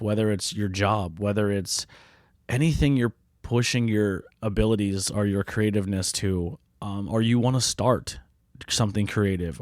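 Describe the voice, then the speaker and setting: Podcast host, late 30s male, low voice, swears a lot, earnest and rambling, dry close mic. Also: no room sound. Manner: blunt, profane, heartfelt and rambling. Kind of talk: candid solo podcast monologue.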